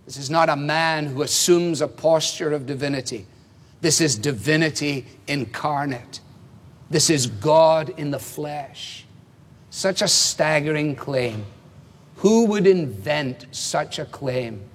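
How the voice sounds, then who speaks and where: A male preacher delivers an expository sermon in a measured, emphatic way, pausing for rhetorical questions. His voice sits a little higher than most men's. It carries a long reverb, as if it were heard through a church sanctuary.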